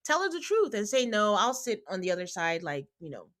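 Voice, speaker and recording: In a brisk, mid-range voice, a podcast host chats casually through a reality show recap. She acts out the people she quotes using put-on voices, stays animated throughout, and keeps calling listeners "guys."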